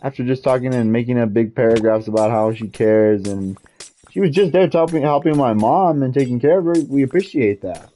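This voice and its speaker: A man's voice: mid-range voice, animated, brisk, dark tone. A man streaming a game while venting in a frustrated, repetitive rant. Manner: frustrated ranting, repetitive, swears mildly. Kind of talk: casual gaming stream rant.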